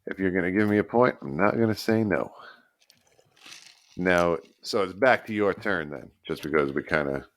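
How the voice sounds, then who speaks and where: A man co-hosting a casual podcast game, working through rules and facts deliberately. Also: low-pitched, lively intonation, a bit bright. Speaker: podcast co-host.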